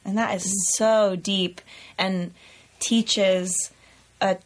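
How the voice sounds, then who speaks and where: A woman co-hosting a podcast, reflecting in a thoughtful, measured way. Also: medium pitch, steady tone. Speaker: podcast co-host. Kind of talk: reflective conversation.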